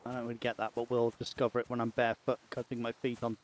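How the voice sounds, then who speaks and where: A man's voice: mid-range voice, monotone, fast talker, a little hiss or hum. A man streaming a game, joking and chatting to himself as he plays. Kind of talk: casual gaming commentary.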